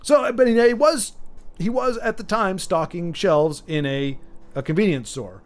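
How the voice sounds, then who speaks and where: This man's voice sits high and moves a little slowly as he streams a video game, joking and rambling while chatting with viewers. It's casual gaming commentary, with faint game music behind him.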